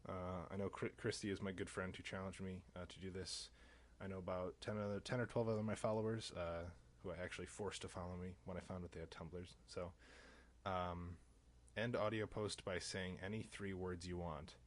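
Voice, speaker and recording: A man with a Chicago-area accent and a very low, deep voice records himself at home for an accent challenge. He works through a word list in a loose, relaxed way, stopping often on fillers. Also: a little fast. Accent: Chicago-area American. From Illinois, USA. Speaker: vlogger.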